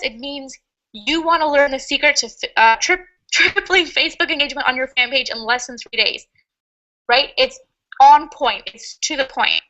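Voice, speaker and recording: A woman's voice: high voice, sharp tone, muffled recording. A woman teaching a webinar lesson in an upbeat, chatty way, laughing often. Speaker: online marketing coach.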